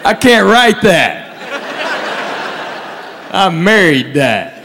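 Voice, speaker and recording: Guy doing standup, fairly high voice, swings all over, big hall w a bit of crowd. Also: drawn-out words. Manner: storytelling, animated, drops to low asides. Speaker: stand-up comedian. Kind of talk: stand-up comedy set. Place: stage in a large hall. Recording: live hall, faint crowd. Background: faint audience and room noise.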